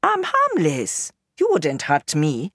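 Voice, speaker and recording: A woman's voice: low-pitched, wildly swooping pitch, a little slow, dry recording, studio quality, exaggerated voice. A woman reading as a cocky young male reporter. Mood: teasing.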